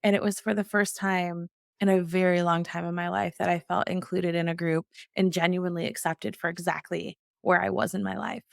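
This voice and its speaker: A woman's voice: fairly low pitch, little pitch movement, brisk, gravelly, no room sound, clean studio sound. A middle-aged woman, a guest in an interview, telling her personal story earnestly and acting out the dialogue she quotes.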